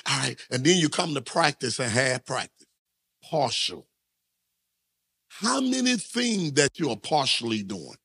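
A man's voice: medium pitch, very animated, measured pace, vocal fry, pauses often, pushed and bright, husky. A man preaching a sermon, with call-and-response lines he has the congregation repeat. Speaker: pastor.

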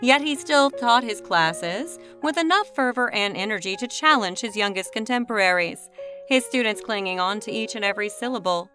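A woman narrating a story aloud in a smooth, measured storytelling style. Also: mid-range voice, sharp tone, faint music behind. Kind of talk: scripted narration.

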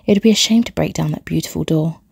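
A woman reading an audiobook in a hushed voice that often drops to a whisper. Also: low-pitched, fast talker, vocal fry, husky, no room sound, studio quality. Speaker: audiobook reader. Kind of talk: scripted audiobook narration.

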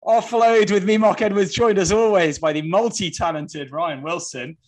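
A man's voice: high voice, fairly even intonation, normal speed, a little mellow. Upbeat male podcast host. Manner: upbeat, bantering presenter. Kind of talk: podcast presenting.

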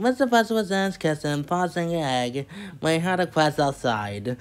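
A woman's voice: rumbling low, big pitch swings, normal speed. A woman reading a children's picture book aloud, with playful, chatty asides to the listener. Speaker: storybook reader.

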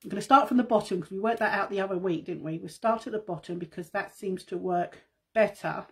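Chatty, husky woman on a phone live stream. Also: mid-range voice, fast. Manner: chatty, addresses viewers as guys, rambling asides. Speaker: makeup seller and host. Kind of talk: casual live-stream chat.

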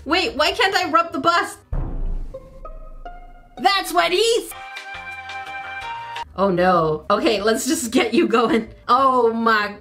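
A woman's voice: high voice, bright, forceful tone. A woman YouTuber playing a mobile baking game with playful jokes and panicky exclamations. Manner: playful, jokey. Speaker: gaming YouTuber.

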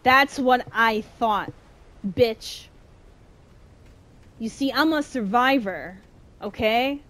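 A woman streaming a horror game, chatting and swearing, jumpy and quick to shout when chased. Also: on the high side. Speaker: gameplay streamer. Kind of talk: casual let's-play commentary.

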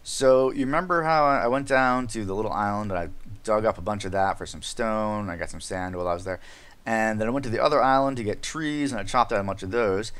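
Lower-voiced man narrating gameplay for kids. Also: fairly quick, a bit bright, clear, resonant tone. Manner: chatty, talks straight to young viewers, explains each step; frequent exclamations while playing. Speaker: Minecraft let's-play host. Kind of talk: kid-friendly gameplay commentary.

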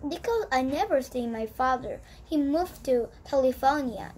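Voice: high voice, expressive, slow, fairly bright tone, slight background noise, rough recording. A child whose first language is Korean, reading an English storybook aloud and practising pronunciation, often stopping to repeat and correct words. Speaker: young English learner.

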